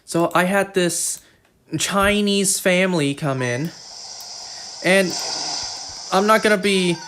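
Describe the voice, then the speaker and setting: Over game music, a streamer speaks slowly in a high, bright and forceful voice with a Canadian English accent, a little hiss or hum audible. Gaming while he talks, he's casual and chatty, rambling and repeating himself.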